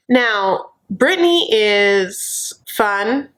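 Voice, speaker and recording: A woman's voice: mid-range voice, a little fast, fairly bright tone. A woman hosting a comedic TV recap vlog, dishing gossip in a sassy, campy way and calling people "honey". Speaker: show recap host.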